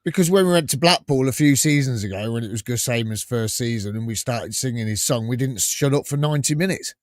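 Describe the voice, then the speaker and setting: A man's voice: medium pitch, quick pace, no room sound. Outspoken male guest, pushes back bluntly, dry close sound. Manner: blunt, argumentative. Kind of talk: casual fan podcast chat.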